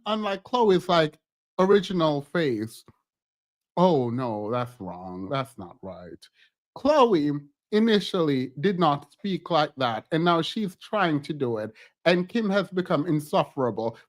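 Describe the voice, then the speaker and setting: A man who grew up outside the US, streaming casual commentary on a show, animated and laughing often as his voice jumps up. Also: high voice.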